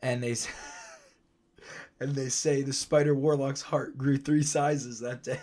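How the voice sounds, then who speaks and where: A man's voice: medium pitch, fairly even intonation, unhurried, a little mellow. A man casually recapping his own holiday story on a stream, giggling, mocking it and rambling. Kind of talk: casual recap with sung bits.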